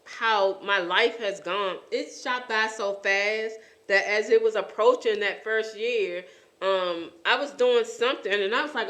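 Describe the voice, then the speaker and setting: A woman hosting a faith-based talk show, speaking earnestly and often pausing to search for words. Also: medium pitch, fairly bright tone, echoey room. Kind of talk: faith-based casual chat.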